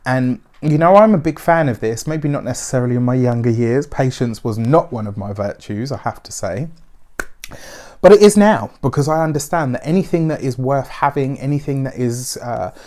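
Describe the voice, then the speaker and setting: A man's voice: mid-range voice, animated, moderate pace, a little mellow. A man giving a weekly tarot reading, talking in a chatty, reassuring way with frequent asides. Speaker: tarot reader.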